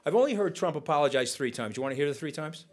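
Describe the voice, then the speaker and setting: A man tells stories from a conference stage. His delivery is animated and conversational. He slips into other people's voices to act out quotes as he goes. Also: on the high side, rapid-fire. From United States. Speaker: guest speaker. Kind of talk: onstage storytelling conversation.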